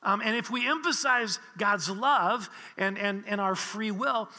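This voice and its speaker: A man's voice: high voice, a little slow, bright, forceful tone, in a large hall. A man preaching a sermon, explaining with earnest teaching and frequent restarts. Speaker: pastor.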